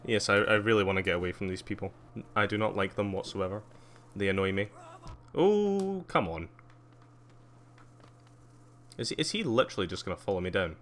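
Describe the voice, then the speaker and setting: A man giving live gameplay commentary, excitable, squealing at jumps, laughing often and chatting with viewers. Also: low-pitched, brisk, pauses often, slight background noise. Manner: excitable, squeals gleefully at jumps and mocks himself; chats with viewers while playing, laughs often. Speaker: streamer playing a video game.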